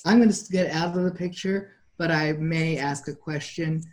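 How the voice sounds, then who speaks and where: A man chatting casually, adding quick explanatory asides. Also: a little high, fairly even intonation, slight background noise. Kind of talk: casual chat.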